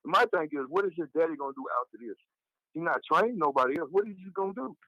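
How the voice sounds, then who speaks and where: A man from Texas with a Southern accent, calling in to chat casually, animated and repetitive, swearing freely. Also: fairly high pitch, fast talker, dry recording, dull audio. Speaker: caller.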